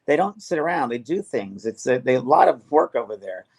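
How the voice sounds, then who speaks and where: Man, medium hosting a chat, earnest, halting, mid-pitched voice. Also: very animated, creaky, a little mellow, breathy edge. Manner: earnest, halting with many restarts. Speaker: medium and host. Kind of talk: casual spiritual chat.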